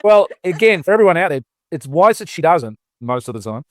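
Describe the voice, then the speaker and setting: A fast-talking man, co-hosting a casual podcast. He rambles through his stories with plenty of restarts and fillers. His voice sounds dry and close, in a quiet room. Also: a little high, sing-song, no room sound. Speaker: podcast co-host.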